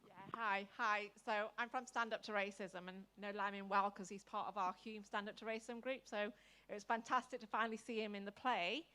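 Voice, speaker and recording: A woman's voice: medium pitch, fairly even intonation, brisk, bright, forceful tone. A woman, an anti-racism campaigner speaking enthusiastically to an assembly in long run-on sentences. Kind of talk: public comment to an assembly.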